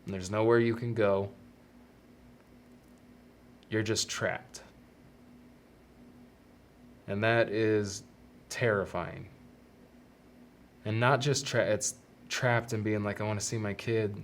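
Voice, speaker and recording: A man hosting a solo podcast, talking earnestly and haltingly about fatherhood and fear of death, often restarting his sentences. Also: on the low side, fairly even intonation, a little hiss or hum. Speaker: podcast host. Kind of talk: reflective solo podcast monologue.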